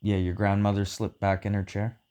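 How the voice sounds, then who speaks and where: A man's voice: fairly low pitch, completely flat delivery, fairly quick, warm tone, smooth. A man chatting casually with his wife, loose and joking, swearing freely and laughing often. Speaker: co-host of a couple's chat vlog. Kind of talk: casual chat.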